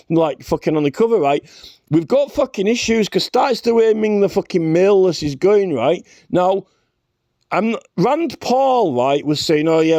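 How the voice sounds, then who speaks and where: Man, high voice, dry close sound, rambling sweary rant, keeps asking "right?". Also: warm tone, dry recording. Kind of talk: ranting vlog monologue.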